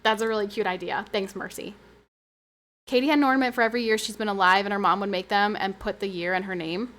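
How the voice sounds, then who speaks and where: A woman streamer chatting casually with her viewers and reading their messages aloud. She is animated and giggly, with sudden high squeals. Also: fast talker. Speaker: livestreamer.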